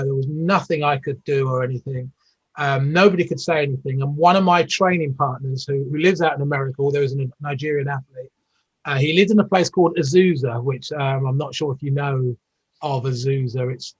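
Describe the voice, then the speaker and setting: A man's voice: medium pitch, fairly even intonation, a little fast, lo-fi sound. A British man in his fifties, a former Olympic athlete telling long rambling stories as an interview guest, with plenty of fillers and restarts. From United Kingdom. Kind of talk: casual storytelling interview.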